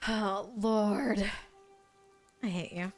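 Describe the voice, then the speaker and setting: A woman's voice: mid-range voice, fairly even intonation, drawn-out words, faint music behind. A young woman streaming a game, chatting casually with over-the-top, profane outbursts. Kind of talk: casual game livestream chat.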